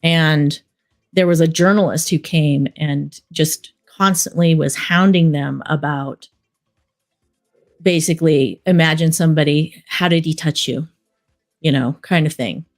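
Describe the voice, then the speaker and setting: A middle-aged woman, a documentary director, telling stories in a relaxed interview, rambling with many fillers. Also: deep voice, measured pace, faint music behind. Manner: rambling storyteller, many fillers like "you know". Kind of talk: casual interview talk.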